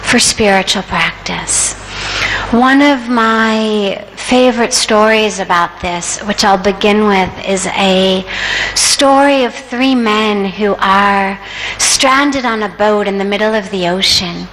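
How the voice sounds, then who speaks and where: Slow-speaking woman giving a spiritual talk. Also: medium pitch, a bit bright. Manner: measured storytelling. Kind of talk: spiritual discourse. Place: large hall at a yoga festival. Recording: echoey hall with faint noise.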